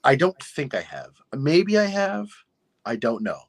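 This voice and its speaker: Young male guest, husky and low, dry close mic, casual self-deprecating storyteller. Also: wildly swooping pitch, measured pace, no room sound. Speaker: podcast guest, wrestler. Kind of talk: casual interview chat.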